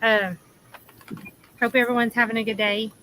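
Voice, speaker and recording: Bright-voiced chatty Southern woman. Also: on the high side, little pitch movement, normal speed, a little hiss or hum, poor audio. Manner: chatty, laughing, trailing off with ums. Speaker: livestream host. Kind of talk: casual livestream chat. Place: outdoors in the shade under an awning.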